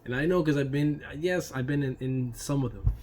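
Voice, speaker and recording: A man's voice: medium pitch, normal speed, darkish tone. A man with an ordinary mid-range voice rambles through a storytime vlog in a loose, chatty way. He laughs between lines, swears casually and keeps checking in with "right?" and "you know". A faint hiss sits under the recording. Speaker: YouTube storyteller.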